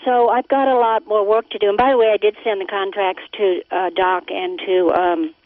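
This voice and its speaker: A woman's voice: mid-range voice, steady tone, moderate pace, no echo. A woman calling in to a radio show, telling her story in a chatty, earnest way. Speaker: caller. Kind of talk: phone-in conversation. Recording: tinny dry phone line.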